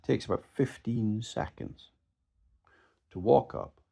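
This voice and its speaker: Slow yet animated, this man's voice is low, gravelly, husky, and dark. As a mentalist delivering a casual how-to talk on performing magic, he's direct and emphatic, often breaking off to restart his words.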